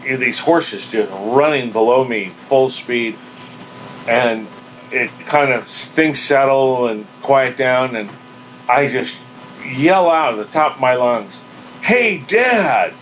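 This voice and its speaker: A man telling a story on a podcast in a casual, animated way, acting out the quotes with laughter. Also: mid-range voice, slow pace. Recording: dull lo-fi podcast audio with faint noise.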